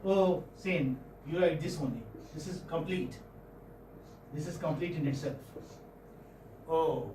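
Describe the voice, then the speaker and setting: A man with an Indian English accent teaching phonetics in a classroom, questioning students and repeating sounds slowly. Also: fairly high pitch, dark tone, slight background noise. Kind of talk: classroom lecture. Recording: echoey classroom, far-off mic, faint ambience.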